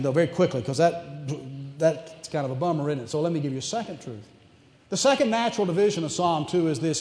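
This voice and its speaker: A man with an East Tennessee accent preaching a sermon, animated and emphatic, asking the congregation questions. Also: high voice. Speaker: pastor. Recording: echoey church hall reverb.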